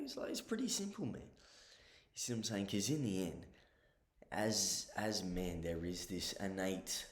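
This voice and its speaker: A man giving casual advice in a blunt, profane way, often checking in with the listener. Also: low voice. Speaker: advice vlogger. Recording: roomy echo.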